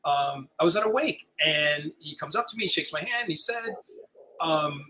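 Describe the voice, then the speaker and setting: An older man, a retiring high school teacher, telling stories as an interview guest and acting out the dialogue. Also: normal speed, a little hiss or hum, rough recording. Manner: animated, acts out quoted dialogue. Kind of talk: storytelling chat.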